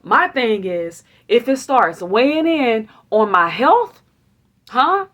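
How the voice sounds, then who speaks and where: A woman's voice: on the high side, sing-song, slow pace, a bit bright. A woman hosting a motivational faith talk, speaking in a preachy, conversational way, asking her listeners questions and acting out the complaints and affirmations she quotes. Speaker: host.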